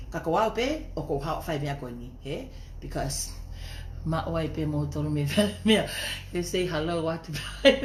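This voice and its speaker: Young woman, heated live-stream rant, rapid and lively, roomy echo. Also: on the low side, slight background noise. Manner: confrontational, mixing Tongan and English. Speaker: livestreamer.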